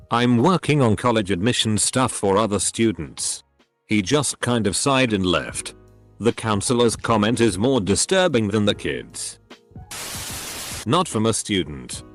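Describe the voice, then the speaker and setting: A low-voiced man reads posts aloud in steady, scripted narration, his pitch moving a lot for a lively lilt. Soft music plays faintly beneath him, and the recording is dry.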